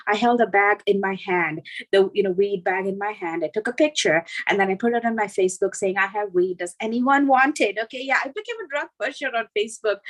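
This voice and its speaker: A middle-aged woman doing a self-deprecating stand-up set, telling animated stories with lots of fillers. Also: medium pitch, poor audio. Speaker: stand-up comedian.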